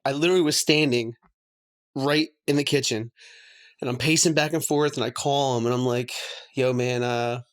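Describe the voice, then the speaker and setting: A man tells his story on a podcast. He rambles candidly, packing his talk with fillers and small laughs, at a middle pitch for a man. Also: brisk. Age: 40s. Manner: rambling, lots of "like" and laughs between words. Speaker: podcast host.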